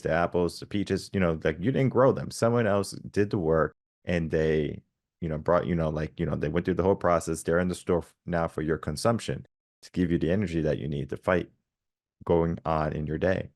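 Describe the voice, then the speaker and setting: A man's voice: deep voice, darkish tone, no room sound, clean studio sound. A man hosting a coaching podcast, reflecting in a loose, rambling way with lots of fillers. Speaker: podcast host. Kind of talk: podcast interview.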